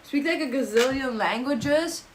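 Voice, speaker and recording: A young German-accented woman streams and reads out her live chat, playful and jokey, slipping into silly mock phrases. Her voice is high and a little slow, and the poor audio carries some hiss or hum.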